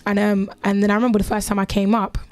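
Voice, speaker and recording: A young woman born in Jamaica who talks with a South London accent, chatting about her music on a radio show. She speaks quickly and animatedly, dropping slang like "innit" as she goes. The sound is dry and close, with no room around her. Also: mid-range voice, flat delivery, darkish tone, no room sound. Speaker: musician guest. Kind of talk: casual radio interview.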